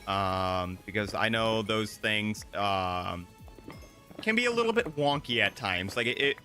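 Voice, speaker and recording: Young male streamer, slight lisp, bright forward voice, chatty and rambling over gameplay, quiet music underneath. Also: fairly low pitch, expressive, measured pace. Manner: rambling, chatty, with frequent fillers and self-corrections. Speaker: gaming streamer. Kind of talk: casual gameplay commentary. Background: soft game music.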